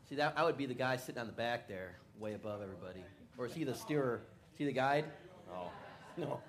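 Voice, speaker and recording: A man's voice: mid-range voice, fairly quick. A man preaching a sermon, who prays and tells personal stories, acting out the voices of the people in them. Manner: animated storyteller who acts out quoted voices. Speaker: pastor. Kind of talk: sermon with storytelling.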